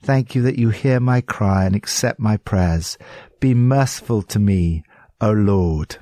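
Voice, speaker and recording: A man's voice: fairly low pitch, a little slow, warm tone, no echo, clean studio sound. A man with an English accent giving earnest, pastoral devotional commentary on scripture.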